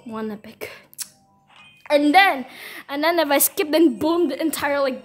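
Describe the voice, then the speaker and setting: A woman's voice: high voice, expressive, normal speed, soft background music. A young teenage girl commentating her game pulls at home, squealing, pleading and groaning at each result. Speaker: gaming video creator. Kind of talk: excited gacha-pull commentary.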